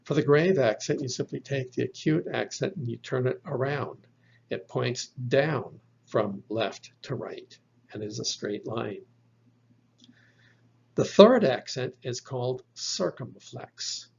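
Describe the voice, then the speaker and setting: Slow, gravelly-voiced man teaching. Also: mid-range voice, animated, highs cut off. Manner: slow, patient explaining with fillers. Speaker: Bible Greek teacher. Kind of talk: slide-based lesson.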